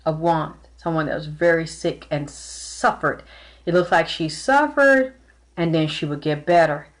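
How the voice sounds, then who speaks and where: A woman giving a live-streamed tarot and spirit reading, talking earnestly and emotionally, often repeating herself. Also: sits low. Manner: close to tears at times. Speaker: tarot reader and psychic.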